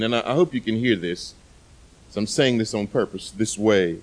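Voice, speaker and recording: A man preaching a sermon in a loud, emphatic voice, often repeating words and pausing for effect. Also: mid-range voice. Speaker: pastor.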